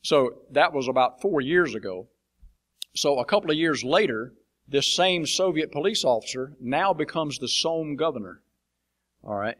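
A man speaking as a missionary preacher, telling plain-spoken stories to a church congregation with a blunt, folksy manner and frequent fillers. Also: medium pitch. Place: church sanctuary.

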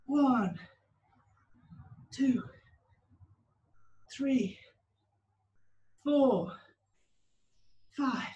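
A man's voice: extremely high pitch, low-quality recording. A man coaching a home hockey training session, upbeat and encouraging as he counts out reps, out of breath from the exercise. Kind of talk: home workout instruction. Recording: steady background noise.

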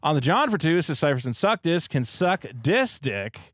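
A man co-hosting a casual podcast, reading out paid chat messages in an animated, self-mocking way. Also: a little high, moderate pace, no room sound, clean studio sound.

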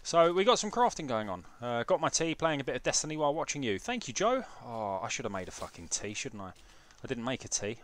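A man in his twenties or thirties streams a game from home, chatting loosely with viewers. He swears freely and cracks jokes while fiddling with cables and menus. His voice sits at an ordinary middle pitch. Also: sing-song, fast, few pauses, fairly bright tone. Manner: chatty, sweary, jokey, talks to chat while fiddling with setup. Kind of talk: casual live gameplay commentary. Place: home room with PC setup.

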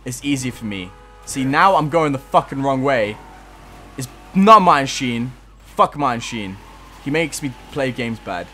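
A man's voice: medium pitch, expressive, moderate pace, a bit bright. A young man talks through a game he keeps failing at, cursing and joking at his own expense. His voice rises and falls a lot. Faint noise sits underneath. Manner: frustrated, swearing, laughing at himself. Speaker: gameplay commentator. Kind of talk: casual gameplay commentary.

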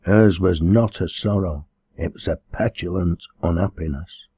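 A man reading a novel aloud in a measured, even storytelling manner. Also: deep voice, breathy edge, no room sound. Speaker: audiobook reader. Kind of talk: scripted narration.

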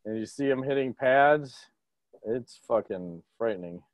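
A man hosting a casual podcast over a video call, talking in an excitable, profane and jokey way. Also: mid-range voice, a little slow, no room sound, muffled recording. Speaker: podcast host.

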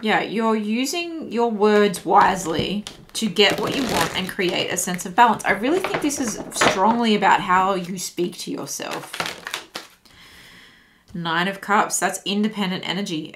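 A woman reads tarot cards in a relaxed, musing way, thinking aloud and circling back over her phrases. Her voice sits at an ordinary pitch for a woman. Faint noise runs in the background. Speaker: tarot reader. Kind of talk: casual tarot reading to camera.

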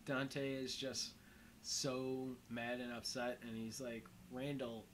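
A man's voice: medium pitch, flat delivery, slow pace, slight background noise, poor audio. A young man giving casual movie commentary as host, rambling and full of "um" and "like.". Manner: rambling, heavy on fillers like "um" and "like".

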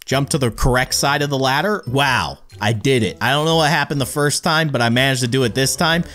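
A man giving excitable let's-play commentary as a gaming YouTuber, pleading with the game and cheering on a teammate. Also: mid-range voice, fairly quick.

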